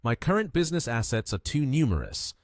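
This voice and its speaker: A man voicing an excitable newly rich young man. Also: mid-range voice, brisk, dry recording, studio quality, pitched above the performer's own voice. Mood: musing.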